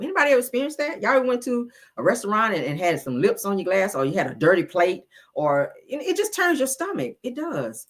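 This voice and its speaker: A woman with a husky, bright voice holds forth in casual chat, full of swearing and storytelling. Her pitch swings widely as she talks. She sounds middle-aged and hosts her own show. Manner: animated, profane storytelling. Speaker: host.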